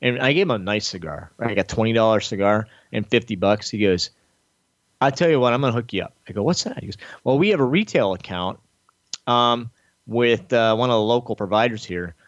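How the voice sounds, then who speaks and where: Here a podcast host, speaking a little fast, relates a long tale full of swearing in casual conversation. The recording is dry and dull, and he acts out what others said, leaping in pitch as he goes in his animated, profane style.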